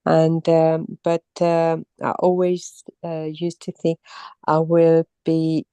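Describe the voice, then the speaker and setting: Halting low-voiced woman with a cold. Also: monotone, dark tone, clear, resonant tone, dry recording. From Mauritius. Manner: halting, many pauses and restarts. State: has a cold and sore throat. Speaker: interviewee, temple visitor. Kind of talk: casual personal account.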